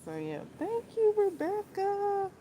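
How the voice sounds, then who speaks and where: A woman's voice: very high-pitched, huge pitch swings, slow pace, warm tone, a little hiss or hum, poor audio. A woman vlogging about books in a casual, rambling way, often repeating herself and laughing as she talks. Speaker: book vlogger. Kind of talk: casual chat.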